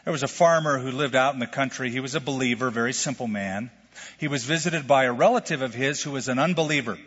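A middle-aged male pastor preaching a sermon in a lively, conversational way, full of questions to the congregation. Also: medium pitch, fast, breathy edge. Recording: lo-fi sermon recording with long hall reverb.

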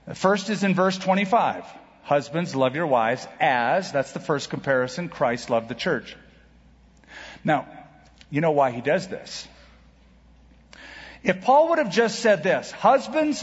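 A man delivers a sermon with emphatic, dramatic pauses and sudden leaps in pitch. His voice sits fairly high for a man. It rings with long hall reverb on a dull, muffled recording. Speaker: pastor.

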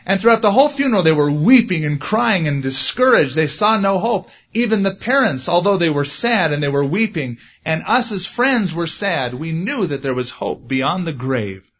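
A man preaching a sermon, animated, growing loud and high when he stresses a point. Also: normal speed, hardly any pauses, husky, highs cut off. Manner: animated, rising loud for emphasis. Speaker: pastor.

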